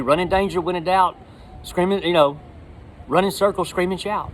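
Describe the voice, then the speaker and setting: A man's voice: high voice, brisk, a little hiss or hum, poor audio. Folksy man preaching outdoors. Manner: folksy and animated, with repeated words. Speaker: lay preacher. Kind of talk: casual sermon.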